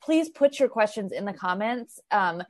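A woman's voice: mid-range voice, expressive, moderate pace, dry recording. A woman hosting a podcast, affirming her guests and speaking directly to listeners. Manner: affirming, friendly, addresses listeners. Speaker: podcast host.

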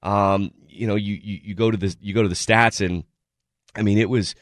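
Rambling low-voiced man analyzing football. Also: steady tone, moderate pace, no echo, studio quality. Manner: rambling, many restarts and "you know"s. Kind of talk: sports talk radio analysis.

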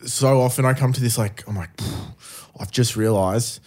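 A man's voice: medium pitch, a little fast, darkish tone. Laughing Australian man in casual chat. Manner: laughs a lot, rambling and crude. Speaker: podcast co-host.

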